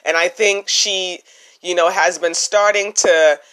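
A woman's voice: on the low side, fairly even intonation, slow pace, a bit bright. A woman hosting a podcast, giving her opinions in casual commentary that is full of "you know" asides. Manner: chatty, opinionated, many "you know" fillers. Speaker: podcast host.

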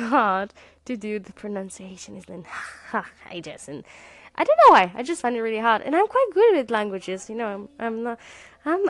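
A woman's voice: fairly high pitch, fairly bright tone, no room sound. A woman from Romania hosting a casual podcast, chatting and thanking listeners who called in, often laughing. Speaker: podcast host.

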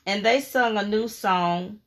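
Fervent woman preacher, slow and bright. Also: mid-range voice. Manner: emphatic, fervent preaching with repeated phrases; reads scripture in a slow, measured cadence. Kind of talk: sermon.

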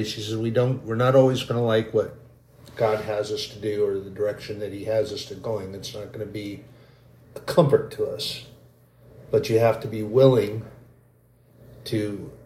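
Slow-speaking man preaching in an echoey room. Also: lowish voice, mellow. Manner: slow, halting, grows emotional and choked. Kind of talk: emotional sermon testimony.

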